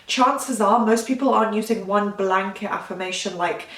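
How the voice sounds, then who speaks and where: A woman's voice: mid-range voice, moderate pace, echoey room, distant mic. A woman manifestation coach giving casual talking-head advice in a rambling, chatty way, often stopping to correct herself.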